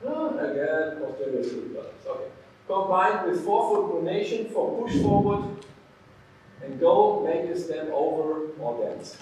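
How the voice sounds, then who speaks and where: Lecturing live to a workshop crowd in an echoey hall, a man teaching physiotherapy speaks emphatically at a measured pace, frequently asking "okay?" and "yeah?". His voice is on the high side, expressive and a little mellow; the distant mic picks up a little hiss or hum.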